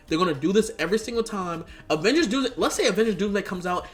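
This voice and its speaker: High, animated ranting man. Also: fast. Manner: exasperated, sarcastic, profane rant; mocks critics in quoted asides. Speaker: YouTube commentator. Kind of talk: ranting commentary video. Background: faint background music.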